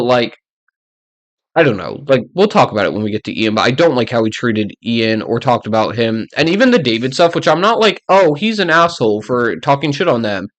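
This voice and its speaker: A man's voice: mid-range voice, fairly bright tone. A young man rants casually to his audience as a YouTuber. He gives blunt opinions and rambles, with fillers all through his talk. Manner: blunt and ranting, with many "like" fillers. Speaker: YouTuber ranking reality show players.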